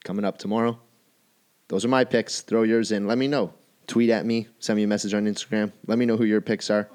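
Guy doing nfl picks solo, kinda low voice, hammers the same lines over and over. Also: fairly even intonation, a little fast, darkish tone, clear, resonant tone. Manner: emphatic, repeats key phrases. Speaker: sports betting show host. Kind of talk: solo sports picks commentary.

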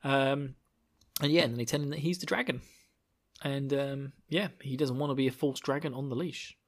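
A book discussion podcaster recaps a chapter casually in a mid-range voice at a moderate pace. He rambles, laughs often and slips into silly voices for the characters.

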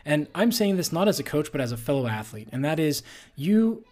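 A man's voice: on the high side, very animated, brisk, darkish tone. A male athlete hosting a solo podcast, talking earnestly and conversationally with frequent fillers.

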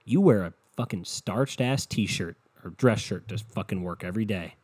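This podcast host is a young man going solo from his bedroom, his rant rambling, sarcastic and full of profanity, picked up by a desktop computer mic. He talks at a moderate pace, his lowish voice darkish in tone with a breathy edge.

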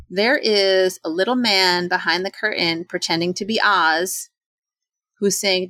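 A woman in her forties in casual talk, chatty and animated, acting out quoted voices with sudden jumps in pitch. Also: moderate pace, no echo. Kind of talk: casual talk on self-doubt.

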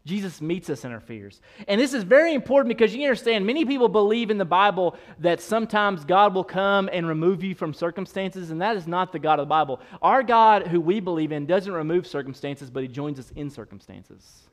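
A male pastor preaching a sermon in an animated, playful way, speeding up and slowing down as he goes. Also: high voice. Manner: animated, playful, shifting pace.

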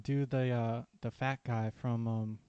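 Matter-of-fact guy chatting on a podcast, middle pitch, dull lo-fi audio. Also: level tone, a little slow, warm tone, clean tone, no echo. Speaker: podcast co-host. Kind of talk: casual chat. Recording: dull lo-fi sound.

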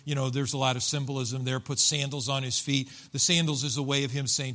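Bright-voiced male preacher. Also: mid-range voice, fairly quick, hardly any pauses. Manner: animated storytelling, acting out quoted voices. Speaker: pastor. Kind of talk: sermon.

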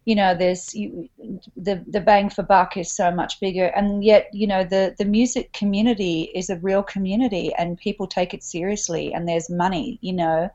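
Woman, musician guest, casual and joking, mid pitch, dull lo-fi audio. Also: steady tone, normal speed, warm tone. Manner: chatty, dry joking. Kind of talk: casual chat.

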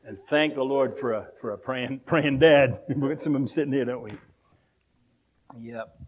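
In a church, an older Australian man whose accent has softened after years in America preaches a rambling sermon full of anecdotes, often chuckling. His voice is mid-range and unhurried, with slight background noise.

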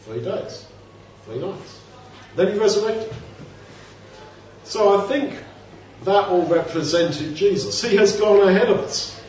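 A man's voice: high voice, animated, slow, pauses often, slight background noise. A man preaching a sermon in a conversational way, asking rhetorical questions and acting out quoted voices. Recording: very echoey hall, distant mic, dull sound.

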